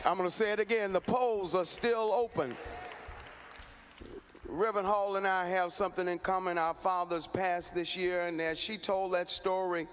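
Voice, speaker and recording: A man giving a fiery rally speech, shouting refrains and calling the audience to answer back. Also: high voice, fairly even intonation, normal speed, a little hiss or hum. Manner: shouting call-and-response, repeating refrains. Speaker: rally speaker. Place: forum hall with an audience.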